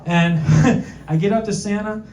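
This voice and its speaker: A male stand-up comedian doing a self-deprecating set, tossing quick asides to the crowd. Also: high-pitched, darkish tone. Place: comedy club with live audience. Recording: echoey club, distant mic, crowd noise.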